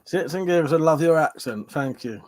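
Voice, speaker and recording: A man's voice: fairly high pitch, animated, normal speed, darkish tone, no echo. A man with a Southern English accent hosting a casual live stream, swearing freely, bantering and reading out viewer comments. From Southern England.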